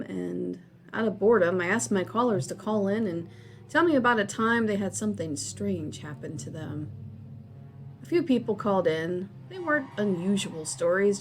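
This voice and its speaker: A woman reading a first-person horror story as scripted narration, measured and steady. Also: fairly low pitch.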